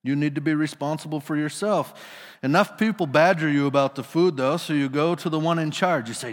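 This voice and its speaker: A man's voice: a little high, a little fast, big-room sound. A male pastor preaching a sermon in a casual storytelling manner, putting his listeners into the scene.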